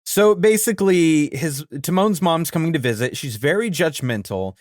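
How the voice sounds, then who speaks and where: A man co-hosting a cartoon podcast, animated and easily amused, laughing often as he retells scenes. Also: fairly high pitch, normal speed, no echo, studio quality. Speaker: podcast co-host. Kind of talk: casual chat about cartoons.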